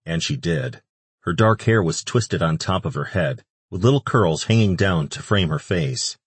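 Deep husky male narrator. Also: animated, moderate pace, no echo. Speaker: audiobook narrator. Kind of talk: scripted narration.

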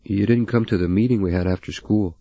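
A low, husky man reading as an earnest, hesitant teenage boy, lifted a little above the narration. The sound is dry and somewhat dull. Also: a little fast, warm tone, dry recording.

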